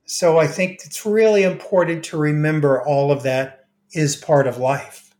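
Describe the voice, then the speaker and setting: A middle-aged man speaks slowly and gently, telling stories from his work and slipping into the voices of the people he quotes. His voice carries a roomy echo around it. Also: fairly high pitch, fairly even intonation. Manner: gentle, unhurried anecdotes with quoted dialogue. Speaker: grief expert guest. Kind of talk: storytelling in conversation.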